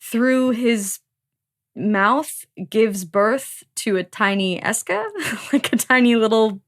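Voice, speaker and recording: A woman's voice: on the high side, slow. A woman hosting a book podcast, chatting casually, laughing often and swearing freely. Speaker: podcast host.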